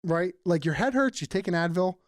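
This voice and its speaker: Lively, chatty podcast co-host. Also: male voice, sits high, a little fast, no room sound, studio quality. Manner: animated, rambling, laughs often. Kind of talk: casual chat.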